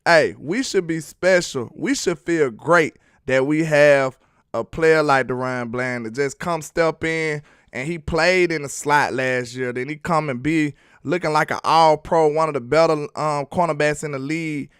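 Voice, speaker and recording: A man's voice: fairly high pitch, a little slow, a bit bright, clear, resonant tone, no echo, clean studio sound. A man casually breaking down football film on a live stream, chatty and laughing as he teases his viewers. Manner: chatty, laughing, teasing the chat. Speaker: sports film-study streamer.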